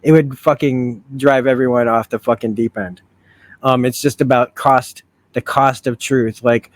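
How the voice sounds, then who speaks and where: In a mid-range voice with a steady tone, a man speaks at normal speed on a recording with no room sound. As a video essay host giving a casual review, he rambles aloud, curses frequently, and keeps restarting to fix what he's saying.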